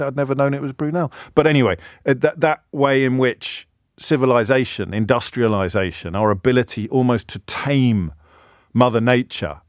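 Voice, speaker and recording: A middle-aged man from England talks on his radio show, wandering through his thoughts with frequent restarts and a wry, self-mocking edge. His pitch sits mid-range for a man. The studio sound is close and dry. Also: no room sound. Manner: rambling, self-deprecating, with many restarts. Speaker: radio host. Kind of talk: talk radio monologue. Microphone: studio microphone.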